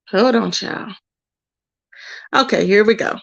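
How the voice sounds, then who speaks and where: A woman's voice: fairly high pitch, animated, fairly quick, dry recording. Blunt scolding woman, lo-fi audio. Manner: blunt, scolding, repeats herself. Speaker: commentary channel host. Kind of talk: ranting commentary. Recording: dull lo-fi audio.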